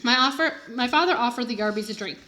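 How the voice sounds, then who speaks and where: A woman teacher reads a children's chapter book aloud to her class. Her narration is expressive and animated, her voice somewhat high. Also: quick pace. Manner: expressive first-person narration. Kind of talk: storybook read-aloud for children.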